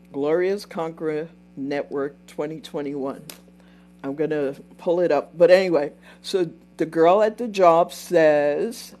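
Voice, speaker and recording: An older woman hosts a casual livestream in a lowish, slightly mellow voice. She tells a story in a chatty way, repeats herself, and breaks off to thank and answer her viewers.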